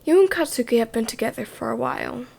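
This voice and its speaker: Gravelly woman in whispered role-play. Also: a little high, lively intonation, fast talker. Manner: hushed second-person narration. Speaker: storyteller.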